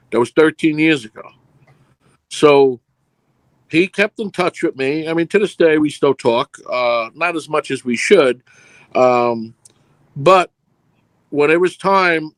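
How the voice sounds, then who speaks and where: A middle-aged film producer, interviewed casually, tells long rambling stories and plays out the conversations in them. His pitch is medium, with no echo.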